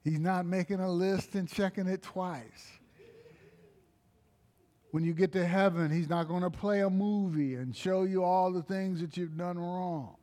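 Guy preaching real slow and emphatic, kinda high voice, throws in praise lines. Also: fairly even intonation, dark tone. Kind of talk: sermon.

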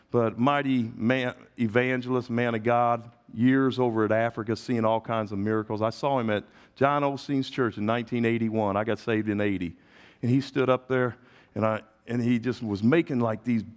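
A middle-aged man preaching a sermon as pastor, calling out to his congregation, dropping to quiet asides and rising to loud emphatic peaks. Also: mid-range voice, long reverb tail.

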